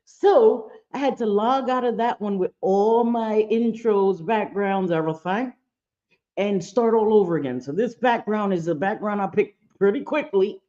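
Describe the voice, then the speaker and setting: A woman's voice: medium pitch, normal speed, warm tone, muffled recording. A woman hosting a casual livestream from home, talking to viewers and swearing freely. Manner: chatty, swears freely, laughs often. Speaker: livestream host. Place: home room with bright lights.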